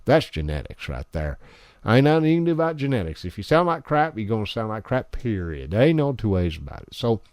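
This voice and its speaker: A man's voice: fairly low pitch, sing-song, a little fast, darkish tone, no echo. A man who operates an amateur radio station, talking through a gear demo in a boastful, crude and folksy way into a close studio microphone.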